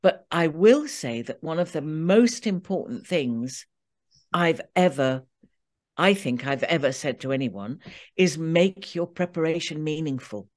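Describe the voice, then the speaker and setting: Expressive woman with a lively, lowish voice. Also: measured pace. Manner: expressive, acts out example line readings. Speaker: guest audiobook narrator and coach. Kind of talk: interview conversation.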